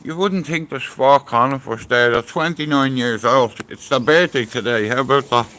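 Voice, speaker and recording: A man's voice: mid-range voice, normal speed, a bit bright, roomy sound, slight background noise. A middle-aged Irish man talking casually on a live stream, blunt, boastful and full of swearing and slang.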